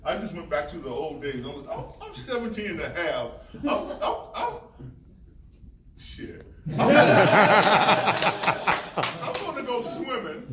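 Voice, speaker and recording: An older man from Virginia, a panel guest telling lively stories with frequent laughter. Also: sits high, takes it slowly, pauses often. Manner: animated, laughing, swings between loud and hushed. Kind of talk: storytelling on a convention panel. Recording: echoey hall from far off, noisy.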